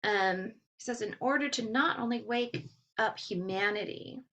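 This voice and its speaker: A woman with a Texas drawl chats on her own podcast in an easygoing, rambling way, filling her pauses with ums. She talks as if to friends, now and then breaking into a small laugh. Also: fairly high pitch, fairly bright tone, muffled recording. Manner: chatty, with frequent ums and laughs. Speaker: podcast host. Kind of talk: casual chat and reading aloud.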